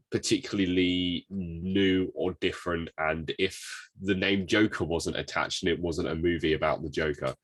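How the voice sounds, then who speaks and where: A man's voice: deep voice, no echo. A young man from England, co-hosting a podcast in joking, self-deprecating chat while ill with covid. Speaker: podcast co-host. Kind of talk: casual chat.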